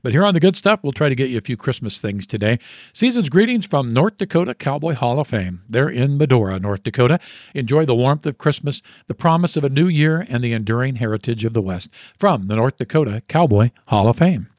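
A man's voice: medium pitch, fairly quick, no echo. A man hosting a radio show, chatting in a folksy way and reading a poem aloud. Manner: folksy, upbeat and animated.

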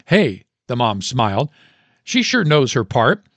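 A man's voice: medium pitch, very animated, a little slow, a bit bright, no echo, full character voice. Man reading an exasperated, tired mother, muttering, close and dry. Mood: delighted. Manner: exasperated, muttering storybook delivery. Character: weary, frazzled mother, tired but loving.

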